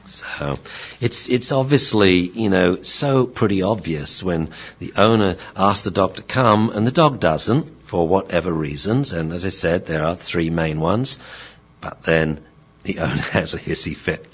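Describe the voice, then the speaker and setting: Male dog trainer, chatty lecture, lively low voice, husky, lo-fi. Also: unhurried. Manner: animated, chatty, playful, many fillers, laughs, mimics voices. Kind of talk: informal lecture.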